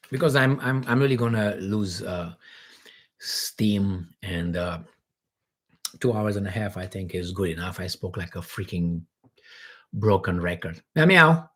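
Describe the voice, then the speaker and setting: A man from Romania, hosting a casual livestream Q&A in a rambling, animated way from home. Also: sits low, breathy edge. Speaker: livestream host.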